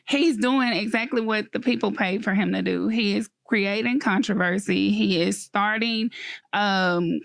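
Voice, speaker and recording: Woman co-host, gravelly voice, dry close sound, deliberate and emphatic. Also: mid-range voice, fairly bright tone, no room sound. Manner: emphatic, slow and deliberate opinions. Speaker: podcast co-host. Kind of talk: casual group chat.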